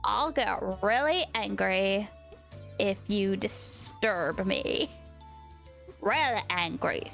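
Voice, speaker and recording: A woman's voice: mid-range voice, expressive, slow pace, creaky, fairly bright tone, faint music behind, heavily acted. A woman voicing a drowsy teenage schoolboy who grumbles sleepily while reading a visual novel game aloud. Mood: sleepy.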